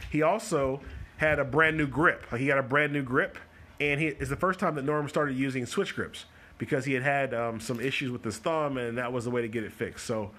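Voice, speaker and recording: Guy doing loose joky bowling commentary on a live stream, bright voice. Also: mid-range voice. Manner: chatty and joking, talks fast in spurts. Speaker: host of a bowling coaching show. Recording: live stream with faint noise.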